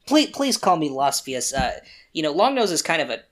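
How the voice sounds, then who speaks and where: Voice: mid-range voice, big pitch swings, a little fast, fairly bright tone. A game master voicing a sneaky, curious male wagon driver who talks in a chatty, conspiratorial way.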